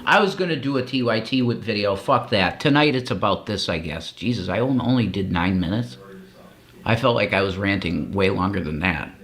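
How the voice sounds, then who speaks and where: A man's voice: on the low side, animated, fairly quick, fairly bright tone. A man holds the floor in an angry, profanity-laden rant on a stream. He pushes each point with heat and repetition. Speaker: co-host of a streaming show. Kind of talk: ranting commentary.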